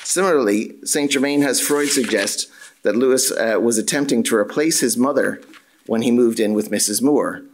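With a medium-pitched voice, a man who teaches drama and theatre studies reads out an academic paper. He keeps it formal and measured, slipping in the occasional dry remark.

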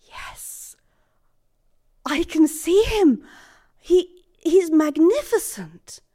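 A woman's voice: on the high side, expressive, moderate pace, a little mellow, no echo, clean studio sound, close to an everyday voice. A woman voicing a shy, scarred young woman in a told folk tale, hesitant and stammering. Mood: awed.

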